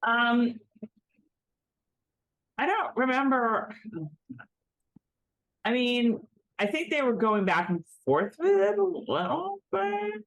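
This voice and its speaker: A woman co-hosting a casual recap podcast, chatty and animated, with frequent restarts. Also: fairly high pitch, slow, long pauses. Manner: lively, chatty, with frequent restarts and self-mocking impressions. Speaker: podcast co-host.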